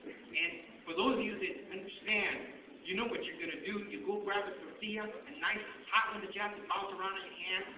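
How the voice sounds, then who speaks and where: A man's voice: high voice, steady tone, brisk. A man telling humorous stories as a guest speaker, mixing Spanish slang into his talk. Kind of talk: humorous personal storytelling. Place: school hall. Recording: far-off, echoey, tinny with noise.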